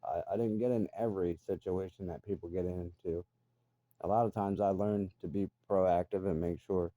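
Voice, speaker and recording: A man's voice: sits low, steady tone, normal speed, dark tone, no room sound. A middle-aged man ranting bluntly and profanely in a casual monologue. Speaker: vlogger.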